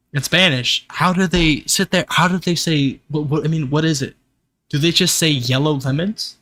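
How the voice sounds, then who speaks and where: A man's voice: fairly high pitch, bright, forceful tone. A young man streaming live, ranting casually to his chat with frequent swearing. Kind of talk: casual livestream rant.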